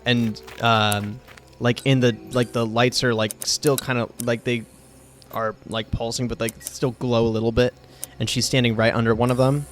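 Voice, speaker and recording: A man's voice: medium pitch, level tone, moderate pace, a little hiss or hum. A man narrating as game master, hesitant and filling with "like" and "um". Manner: hesitant, full of "like" and "um".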